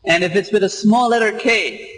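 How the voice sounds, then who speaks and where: Male preacher, high voice, emphatic, repetitive sermon delivery. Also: normal speed, fairly bright tone, low-quality recording. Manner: emphatic and repetitive, with rhetorical questions. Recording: radio live stream.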